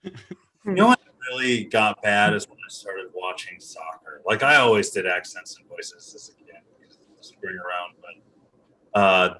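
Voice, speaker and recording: A man's voice: fairly low pitch, big pitch swings, normal speed, bright, forceful tone, low-quality recording. A man telling a rambling, wry story on a casual video call. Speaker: improv performer.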